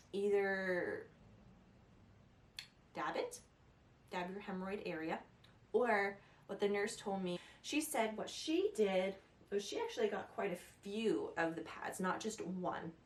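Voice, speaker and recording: A woman's voice: medium pitch, slow, long pauses. A young woman talking through advice in a chatty, rambling way, laughing at herself as she goes. Her voice sits mid-range and carries a noticeable echo, recorded by a camera mic a little way off, with faint noise behind. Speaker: vlogger. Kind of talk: casual advice vlog. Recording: echoey room, a little distant.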